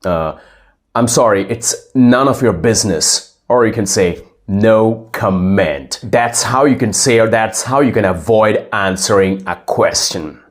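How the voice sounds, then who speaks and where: A man playing a polite young male student who answers his teacher slowly and repeats each example phrase. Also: fairly low pitch, lightly acted. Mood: explaining. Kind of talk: scripted classroom role-play.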